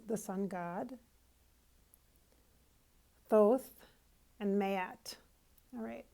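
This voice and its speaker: Woman, intuitive reader, middle-pitched voice with a gravelly edge, chatty and reflective. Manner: musing, feeling her way aloud with soft asides. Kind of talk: casual spiritual reading to camera.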